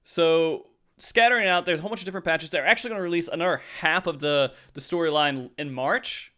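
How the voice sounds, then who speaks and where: Smooth, laughing gamer podcast host. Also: male voice, a little high, fast. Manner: animated, laughs often, trails off and restarts. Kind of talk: casual chat.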